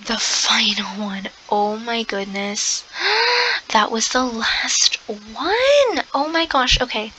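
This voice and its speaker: A young woman commenting on her game play, excitable, gasping often and slipping into soft half-whispered asides. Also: fairly high pitch, slow pace, slight background noise, rough recording. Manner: excitable, gasping, lots of exclamations. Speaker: gamer.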